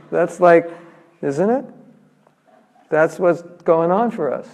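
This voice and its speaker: A man's voice: fairly high pitch, expressive, slow, creaky, long pauses, darkish tone. A man giving a spiritual class, talking in a casual, humorous way and acting out little quotes. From United States. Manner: conversational, humorous, acts out quotes. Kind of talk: lively scripture lecture. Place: large temple hall. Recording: reverberant hall.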